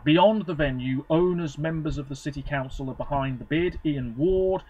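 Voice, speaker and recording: A man's voice: a little high, normal speed, hardly any pauses, darkish tone, breathy edge, lo-fi sound. A man vlogging, casually reading from web pages with rambling, offhand commentary and frequent self-corrections.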